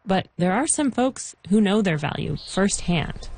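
A woman reporter giving measured, clearly scripted documentary narration. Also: mid-range voice, lively intonation, a little mellow, low-quality recording. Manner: measured, clear storytelling delivery.

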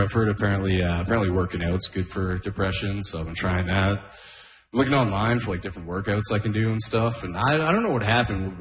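A man in his thirties doing a stand-up set at an open mic, deadpan and self-deprecating with trailing asides. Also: low voice. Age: 30s. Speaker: stand-up comedian. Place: open mic stage in a room. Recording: echoey room with long reverb.

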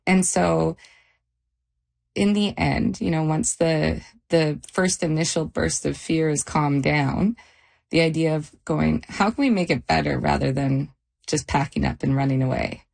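A middle-aged woman retelling a frightening night in a halting, shaken interview. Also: low voice, steady tone, vocal fry, darkish tone. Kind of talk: personal testimony interview.

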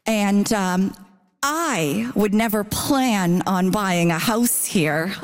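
A woman's voice: medium pitch, very slow, background noise. A woman from Ontario bantering as a comedy panelist in a chatty, teasing way, on stage before a live audience. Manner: chatty, teasing, tags lines with "you know?".

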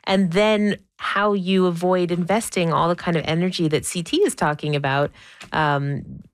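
A woman hosting a radio call-in show, calm and empathetic as she steers the talk. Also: on the low side, normal speed, no echo, studio quality. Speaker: radio host.

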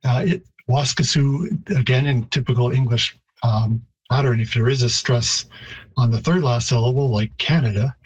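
A man, a linguistics professor, explaining word pronunciations in a radio interview, pausing and restarting as he goes. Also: medium pitch, fairly even intonation, husky, rough recording.

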